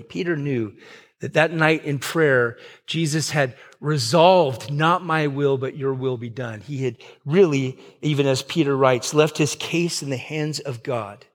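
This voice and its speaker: Male pastor, conversational sermon style, slightly high-pitched, stumbles and restarts, dramatizes quotes. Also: unhurried. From Southern California. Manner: conversational, many fillers and restarts; acts out quoted lines with pitch swings.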